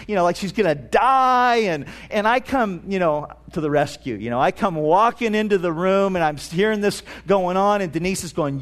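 A middle-aged male pastor with a fairly high voice preaches a sermon. He tells stories loosely, with restarts and fillers. He slows right down to land his key lines. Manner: storytelling with many restarts and fillers; slows down to stress key phrases.

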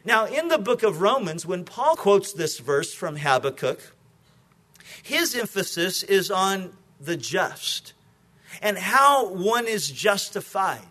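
A man's voice: high voice, sing-song, slow, sharp tone. A male pastor preaching an evening sermon, joking with the congregation before teaching from scripture.

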